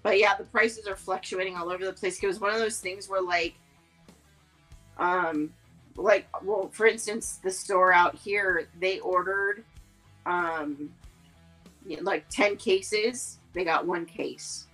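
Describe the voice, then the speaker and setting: A woman's voice: mid-range voice, fairly even intonation, slow, a bit bright, soft background music, low-quality recording. A woman co-hosting a casual podcast chat, rambling along with lots of fillers and restarts. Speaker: podcast co-host.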